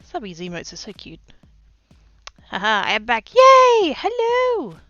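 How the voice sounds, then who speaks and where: Streaming from home, a woman chats casually with her viewers, playful and silly, letting out sudden high squeals as she reads and answers the chat. She talks at a moderate pace with a sharp tone, and the recording is dry and dull.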